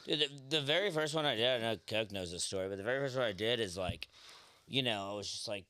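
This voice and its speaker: A man's voice: medium pitch, fast, clean tone, no echo. A man with a Southern accent from Memphis, telling rambling stories in a casual podcast chat. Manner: rambling, animated storyteller. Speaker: podcast co-host.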